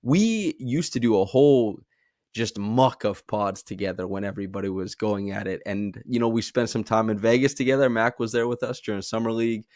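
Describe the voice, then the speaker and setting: Low-voiced young man hosting a podcast. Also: a little fast, darkish tone, no echo, studio quality. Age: 20s. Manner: jokey, rambling introductions. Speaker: podcast host. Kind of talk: casual podcast chat.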